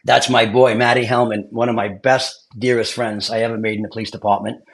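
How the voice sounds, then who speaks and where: A middle-aged man tells his stories in a loose, animated way. His voice sits in an ordinary middle pitch. He keeps checking in with his listener through casual asides. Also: a little fast. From Brooklyn, New York. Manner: animated storyteller with many "you know what I mean" asides. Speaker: guest, retired police and fire officer. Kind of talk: casual storytelling chat.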